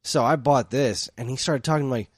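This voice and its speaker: A man co-hosting a podcast, telling stories in animated casual chat and laughing often. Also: mid-range voice, moderate pace, breathy edge, dry recording, studio quality. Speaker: podcast co-host.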